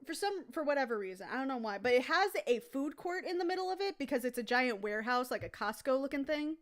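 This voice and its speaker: A woman's voice: sits high, lively intonation, quick pace. A woman casually telling a rambling, profane anecdote on a live stream. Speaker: comic artist streaming.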